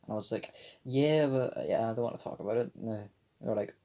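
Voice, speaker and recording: A man's voice: fairly low pitch, quick pace, mellow, dull audio. A young man in his late teens telling a crude childhood story on a podcast, rambling and swearing, his voice sometimes cracking. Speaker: podcast co-host. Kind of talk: casual storytelling chat.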